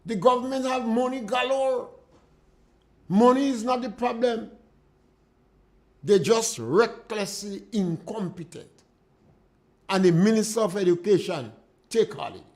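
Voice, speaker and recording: A man's voice: high-pitched, expressive, measured pace, pauses often. A man with a Grenadian accent hosting a call-in radio show, giving indignant and emphatic political commentary. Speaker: radio talk show host. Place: radio studio.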